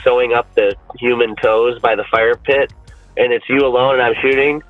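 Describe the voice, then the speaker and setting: A man's voice: medium pitch, moderate pace, dry recording, soft background music. Man on a tinny phone-like line. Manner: rambling and animated, swears freely, many restarts. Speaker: podcast guest and fan-film actor. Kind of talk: casual chat.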